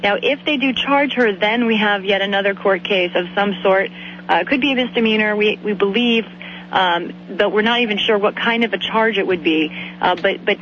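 A woman's voice: medium pitch, a bit bright. Reporter woman on dull lo-fi radio. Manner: measured, explanatory reporting with some restarts. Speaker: congressional reporter. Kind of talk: radio news interview. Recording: dull lo-fi radio audio with faint hum.

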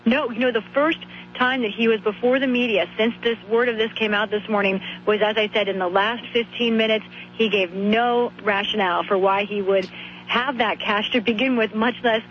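A woman radio correspondent with a hoarse voice, reporting live in a brisk, conversational way. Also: a little high, steady tone, dull audio, slight background noise.

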